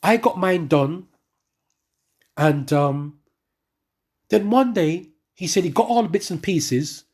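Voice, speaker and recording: A man giving a spoken religious testimony to his congregation, telling his story in an animated way with many asides and restarts. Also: high-pitched, takes it slowly, pauses often, breathy edge. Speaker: church member giving testimony.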